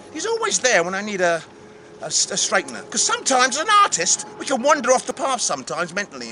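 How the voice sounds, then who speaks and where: A man hosting his own vlog outdoors by a city river, animated, jokey and often shouting. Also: sits high, a little hiss or hum. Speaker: vlog host and actor. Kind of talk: excitable outdoor vlog chat.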